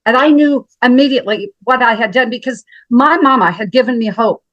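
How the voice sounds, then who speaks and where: A woman's voice: on the high side, fairly quick, no echo, muffled recording. A woman in her seventies from Montana, a health practitioner telling her story as an interview guest, dramatic and emphatic, often calling the host by name. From Montana, USA.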